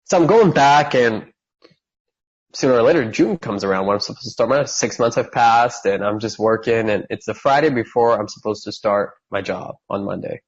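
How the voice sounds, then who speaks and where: A man's voice: mid-range voice, normal speed, husky, lo-fi sound. A man in his thirties from California, a podcast guest telling his story with lots of energy and acting out the voices of the people in it. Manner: animated storyteller who acts out quoted voices.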